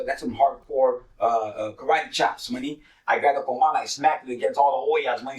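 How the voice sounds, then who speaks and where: A man's voice: medium pitch, a bit bright, reverberant, far from the mic, low-quality recording. A man casually telling a street story as host, cursing freely and dropping streetwise slang. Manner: profane, streetwise slang, repeats "money" as a filler.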